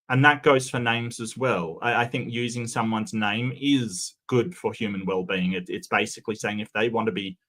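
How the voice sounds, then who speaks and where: A man's voice: medium pitch, fairly bright tone. A man hosting a casual livestream, reading forum posts and chat comments aloud and chatting about them.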